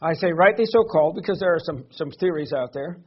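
A man preaching a sermon, teaching earnestly and often pausing with fillers and repeated words. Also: on the high side, husky, lo-fi sound.

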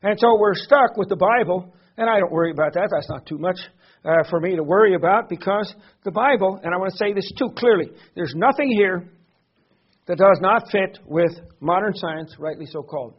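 Husky high-voiced man preaching. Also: normal speed, dull audio. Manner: earnest teaching with frequent fillers and repeated words. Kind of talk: sermon.

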